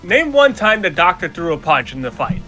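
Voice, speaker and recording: A man's voice: high-pitched, sing-song, a little fast, pushed and bright, soft background music. A man co-hosting a casual podcast, eagerly talking over the others. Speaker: podcast co-host. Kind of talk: casual chat ranking cartoon episodes.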